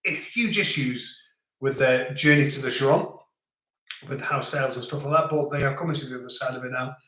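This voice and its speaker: A man's voice: mid-range voice, fairly quick, bright, forceful tone. A middle-aged man hosting a live stream, chatting casually and rambling as he reads out viewer comments. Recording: echoey room.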